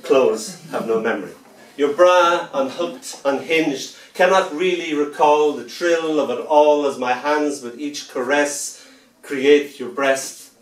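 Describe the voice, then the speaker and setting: A man giving a poetry reading to a festival audience, playful and theatrical, stretching out words and pausing for effect. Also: a little high. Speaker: poet. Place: festival venue indoors. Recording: echoey room, mic far off.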